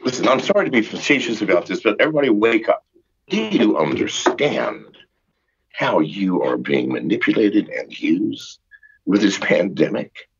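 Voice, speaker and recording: Husky older man ranting, lively pitch. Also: normal speed. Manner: profane, exasperated ranting with sarcastic jokes. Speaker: podcast guest. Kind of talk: ranting call-in interview. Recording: muffled lo-fi remote line.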